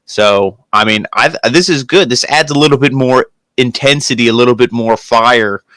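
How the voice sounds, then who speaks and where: Smooth-voiced man in casual wrestling chat. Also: mid-range voice, normal speed, no echo. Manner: animated retelling, acts out quotes. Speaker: wrestling show co-host.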